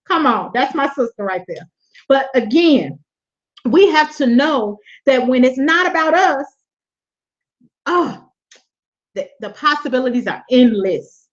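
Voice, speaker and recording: Woman webinar host, high voice, laughs often, preachy repetition, dull lo-fi audio. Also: lively intonation, unhurried, pauses often. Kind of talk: motivational faith talk.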